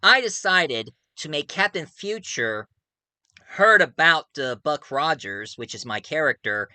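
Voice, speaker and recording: A man's voice: on the high side, animated, unhurried, bright, forceful tone, no room sound. A man casually talking about his audio drama project, rambling enthusiastically and often correcting himself. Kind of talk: casual video monologue.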